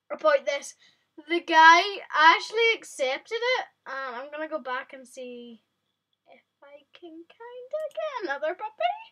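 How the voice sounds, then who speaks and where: Bright, high woman chatting excitedly through a game to her viewers. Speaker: vlogger. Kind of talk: casual gameplay commentary.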